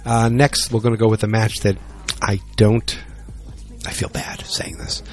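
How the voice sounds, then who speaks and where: A man's voice: fairly low pitch, flat delivery, a little slow, soft background music. A man chatting casually and rambling on his own about upcoming wrestling matches, joking and poking fun at himself. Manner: rambling, joking, self-deprecating. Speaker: solo wrestling vlogger.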